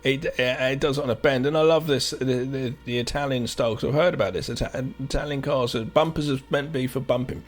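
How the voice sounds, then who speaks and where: A man's voice: medium pitch, brisk, hardly any pauses. A man co-hosting a podcast, recapping a film in casual chat and acting out the characters' lines as he goes. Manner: animated, acts out characters' lines mid-recap. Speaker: podcast co-host.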